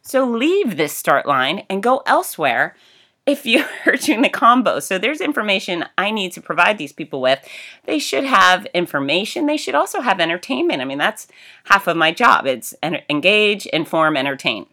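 A middle-aged woman telling a story in a casual, animated way, with laughs and exclamations. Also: lowish voice, moderate pace. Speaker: race announcer and fitness host.

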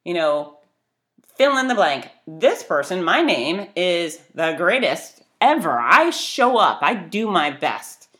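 A woman's voice: lowish voice, sing-song, takes it slowly, a bit bright. A middle-aged woman giving an emphatic, blunt motivational talk that urges listeners to act. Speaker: motivational speaker.

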